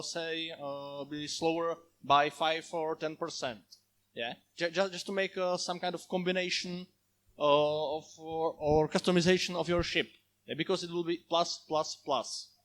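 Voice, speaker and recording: A man asking follow-up questions at a conference in halting non-native English. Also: a little high, a bit bright. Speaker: community contributor asking a question. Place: conference hall.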